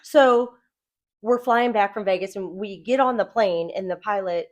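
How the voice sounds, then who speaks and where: Casual female co-host, middle-aged, animated storyteller, plays out the voices. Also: mid-range voice, moderate pace. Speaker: podcast co-host.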